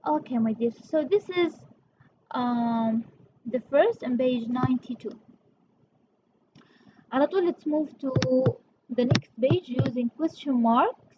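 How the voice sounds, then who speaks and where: A woman teaches grammar slowly and patiently in a fairly high voice. The recording is a little dull, with a faint hiss behind her. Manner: patient, explains step by step, calls listeners "my dear". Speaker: English teacher. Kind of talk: classroom revision lesson.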